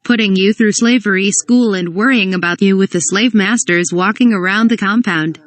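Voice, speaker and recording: A woman's voice: medium pitch, normal speed, no room sound, natural voice. A woman voicing an exasperated, nagging middle-aged mother scolding her grown son. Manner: nagging, indignant.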